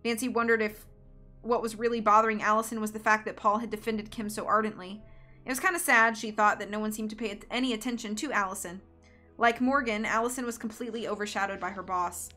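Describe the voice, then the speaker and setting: Bright-voiced woman reading a mystery. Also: medium pitch, fairly quick, faint music behind. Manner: steady storytelling. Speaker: book reader. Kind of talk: reading a mystery novel aloud. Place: home streaming setup.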